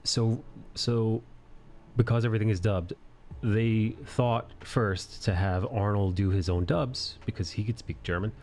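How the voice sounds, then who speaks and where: A man's voice: fairly low pitch, fairly even intonation, unhurried, a little mellow. A man hosting a casual livestream chat, rambling, swearing freely and laughing often. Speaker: livestream host. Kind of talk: casual chat while drawing.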